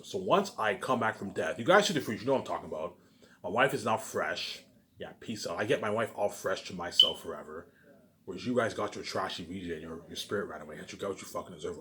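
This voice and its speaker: A man's voice: lowish voice, pushed and bright. A man in a rambling, boastful monologue, repeating himself and tacking filler phrases onto every sentence. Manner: repetitive, keeps adding "obviously" and "you know what I'm saying"; boastful, ranting.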